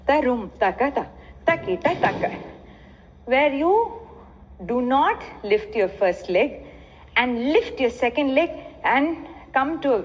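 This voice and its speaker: An Indian-accented woman teaches dance, her voice fairly high and lively as she moves between explanation and rhythmic chanted syllables. The sound is muffled and lo-fi, with a long echo as if from a hall. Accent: Indian English.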